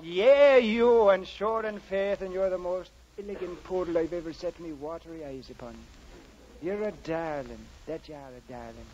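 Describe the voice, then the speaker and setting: A man's voice: sits high, moderate pace, a little mellow, close to an everyday voice. An actor playing a jovial Irish policeman turned Irish setter dog, with a thick put-on Irish brogue, in a 1940s radio comedy. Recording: dull lo-fi old radio recording with faint hiss.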